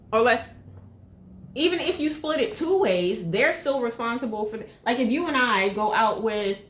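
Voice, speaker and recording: A woman's voice: on the high side, a bit bright. A woman co-hosting a casual podcast who laughs often and thinks aloud. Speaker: podcast co-host. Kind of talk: casual chat. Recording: roomy echo.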